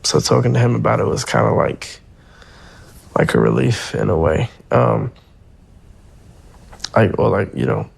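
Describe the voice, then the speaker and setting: A man's voice: on the low side, gravelly, breathy edge. A man speaking casually in an interview, telling a story in loose slang. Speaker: interview guest.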